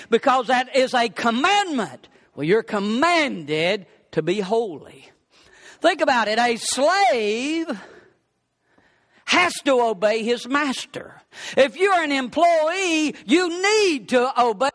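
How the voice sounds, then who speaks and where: A man preaching with a very high, bright voice that swings widely in pitch. He hammers words through repetition and climbs into shouts. A pastor giving a sermon. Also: big pitch swings, takes it slowly. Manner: emphatic, repeating words for stress, rising to shouts.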